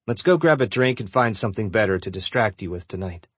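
A man's voice: lowish voice, expressive, fast talker, husky, no echo. A man voicing an easygoing, wry young male shifter student in an audiobook.

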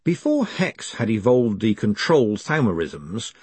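A man narrates a story with a wry, measured delivery. His voice is lowish and slightly husky, and his pitch rises and falls a great deal. The recording is dry and close, with no room sound. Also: very animated, a little mellow, no echo. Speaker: audiobook narrator. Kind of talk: scripted narration.

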